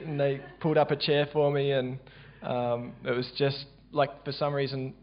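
An Australian church member shares his testimony casually and haltingly, with lots of fillers and restarts. His pitch is an ordinary middle, and the recording sounds dull and low-fidelity.

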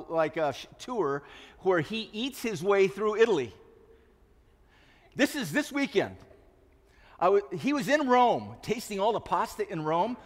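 A man in his sixties preaching a sermon, telling confessional stories with self-mocking humor. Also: high-pitched. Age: 60s. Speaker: pastor. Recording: long reverb of a large hall.

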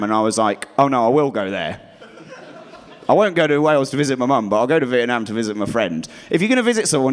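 A stand-up comedian performs on stage, rambling and poking fun at himself. He frequently slips into low, muttered asides.

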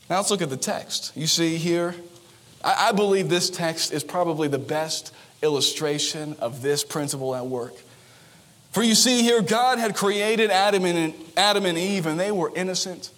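A young adult male pastor giving a sermon, telling lively stories with playful asides and quick shifts into character voices. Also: high voice.

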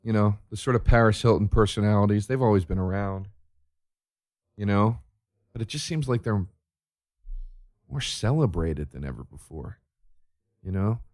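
A man's voice: fairly low pitch, expressive, moderate pace, pauses often, darkish tone, no room sound. A man, a comedian, ranting with profanity, sarcasm and a stream of rhetorical questions.

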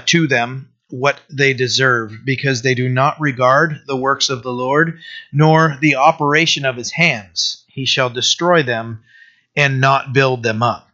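A man's voice: mid-range voice, sharp tone. A middle-aged man preaching an informal sermon, reading scripture and talking it through with many fillers, restarts and trailing phrases. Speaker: pastor. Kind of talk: informal sermon, Bible teaching. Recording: dull lo-fi recording.

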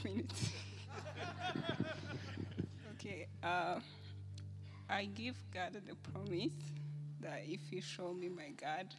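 A woman telling a personal testimony at a church service in a halting way, with small laughs along the way. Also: fairly low pitch. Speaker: church member giving testimony.

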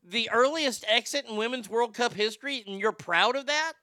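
A man's voice: very high-pitched, normal speed, bright, forceful tone, dry recording, studio quality. A man hosting a talk show, brash and profane, riffing on clips and reading chat, often stammering into restarts. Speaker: show host. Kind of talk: casual commentary reading chat.

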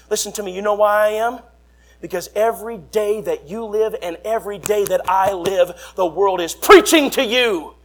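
A young man, preaching a fiery revival sermon and swinging between quiet asides and shouts. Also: normal speed. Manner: fiery, shouting, sweeping swings in pitch and volume. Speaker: traveling preacher.

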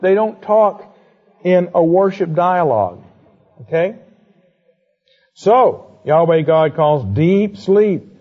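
A man giving a conversational Bible lecture, asking quick rhetorical questions and adding playful asides. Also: fairly high pitch. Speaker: Bible teacher. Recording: dull lo-fi recording.

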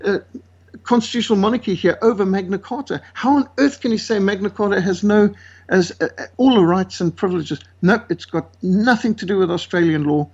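With a high-pitched, slightly rough voice, a South African missionary author recounts stories fairly quickly as an interview guest. He is indignant, performs the voices he quotes and scatters fillers throughout. The audio sounds dull.

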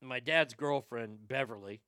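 Crisp bright-voiced man telling a rambling story. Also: medium pitch, a little slow, no room sound, studio quality. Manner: profane, rambling, animated storyteller. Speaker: comedian telling stories to a live chat. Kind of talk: storytelling stream chat.

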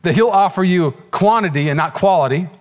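High-voiced animated male pastor. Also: a little fast. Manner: animated storytelling, acts out voices in high pitch. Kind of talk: sermon.

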